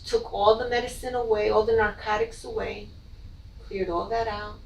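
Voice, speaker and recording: Halting woman telling a loss, echoey. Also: mid-range voice, steady tone, gravelly, darkish tone, a little hiss or hum. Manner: emotional, halting, repeats phrases. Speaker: bereaved mother telling her story. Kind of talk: personal testimony. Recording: echoey room, from a distance.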